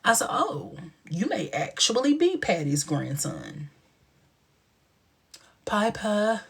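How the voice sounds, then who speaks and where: A man hosting a casual livestream chat, telling stories in an animated way, acting out quotes and dropping into whispered asides. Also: sits high, slow, vocal fry, slightly rough. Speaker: livestream host.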